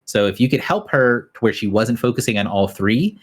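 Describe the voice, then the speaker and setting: A man's voice: mid-range voice, lively intonation, fairly quick, husky. A man narrating a tabletop game as game master, talking casually with frequent fillers. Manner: casual, hesitant, many fillers.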